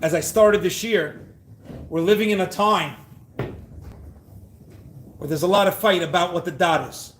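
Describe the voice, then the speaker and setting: A man teaching a Torah class at a yeshiva, asking the listeners questions, chanting Hebrew verses slowly and rising to shouts on key points. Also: high-pitched, echoey room, slight background noise.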